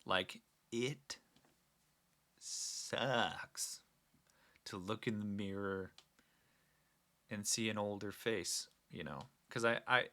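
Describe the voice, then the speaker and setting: Young man, casual solo talk, bright tense voice, lowish pitch, rambling restarts. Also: drawn-out words, pauses often. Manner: rambling, earnest, many restarts. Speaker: podcast host.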